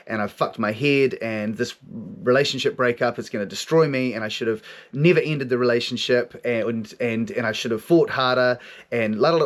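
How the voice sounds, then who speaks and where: A man hosting a podcast, telling a raw personal story in a monologue, swearing heavily and repeating his words. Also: mid-range voice. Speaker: podcast host.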